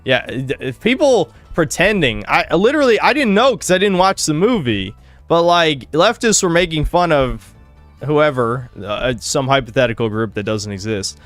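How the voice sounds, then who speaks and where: Profane rambling man, fairly high voice. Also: animated, moderate pace, a bit bright, dry recording, soft background music. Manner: rambling, profane, heavy use of "like". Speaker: podcast host. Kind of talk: casual gaming podcast chat.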